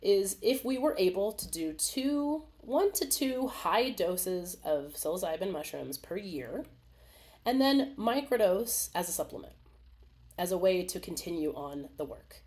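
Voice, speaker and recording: A woman hosting a live video webinar in a casual, animated way, laughing often and acting out small voices. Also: on the low side, a little slow. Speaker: webinar host. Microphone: video call.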